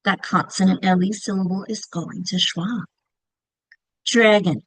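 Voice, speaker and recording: A woman's voice: medium pitch, fairly even intonation, moderate pace, no room sound, poor audio. A woman teacher trainer giving a recorded presentation, explaining step by step, sounding out example words and checking in often.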